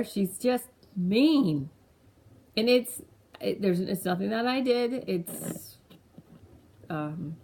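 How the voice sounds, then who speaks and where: A woman tells a personal story in a loose, rambling way, often circling back to restart her thoughts. Her voice sits a little low with a gravelly fry, and a faint noise runs behind her. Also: darkish tone. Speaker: mother sharing a parenting story. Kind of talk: casual personal storytelling to camera.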